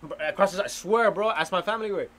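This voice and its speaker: Rapid-fire storyteller. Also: male voice, sits high, a bit bright. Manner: slangy, swears, switches into Spanish mid-sentence. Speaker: storyteller among friends. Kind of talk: casual chat, telling a ghost story.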